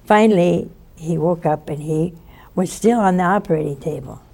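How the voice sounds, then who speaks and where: A woman giving a spoken sermon, telling a story in an animated way and acting out the voices of the people in it. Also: lowish voice, normal speed, gravelly. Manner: animated storyteller who acts out quoted voices.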